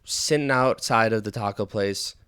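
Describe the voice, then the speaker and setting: A man in casual podcast chat, telling stories in a profane, animated way. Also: on the low side, normal speed, clear, resonant tone. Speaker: podcast co-talker.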